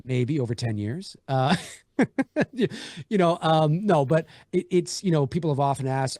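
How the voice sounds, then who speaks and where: A man's voice: fairly high pitch, moderate pace, mellow, dry recording, clean studio sound. A man, an indie horror filmmaker, chatting casually on a livestream, rambling with lots of fillers and restarts.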